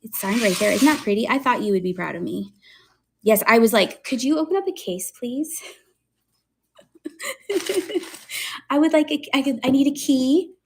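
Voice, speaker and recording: A woman hosting a casual live-stream sale, chatting excitedly about her finds and laughing often. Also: a little high, normal speed, pauses often, background noise. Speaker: live online seller showing thrift finds.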